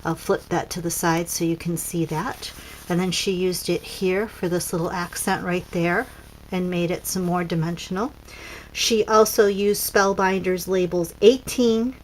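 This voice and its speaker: A woman's voice: fairly low pitch, a little hiss or hum, rough recording. A woman casually demonstrating papercraft cards as a seller, chatty and pointing things out with frequent ums.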